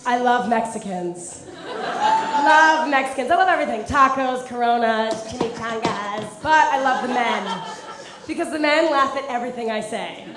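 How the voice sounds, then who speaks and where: A woman's voice: fairly high pitch, noisy background. A young woman performing a stand-up set in a comedy club, talking in a chatty way full of "like" and laughing at her own jokes. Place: comedy club with live audience. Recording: echoey club with crowd. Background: audience laughter.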